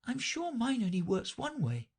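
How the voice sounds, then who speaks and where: A woman's voice: a little high, wildly swooping pitch, normal speed, a little mellow, slightly rough, pitched above the performer's own voice, full character voice. Woman doing a timid, polite little Alice. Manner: timid, earnest and politely questioning. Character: polite, curious young girl.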